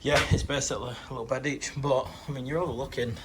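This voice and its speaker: A man's voice: mid-range voice, fairly even intonation, fast talker. A man vlogging on a trip, chatty and sweary, filming himself on a handheld camera on city streets. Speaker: travel vlogger. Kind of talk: casual vlog chat. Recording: noisy outdoor street audio.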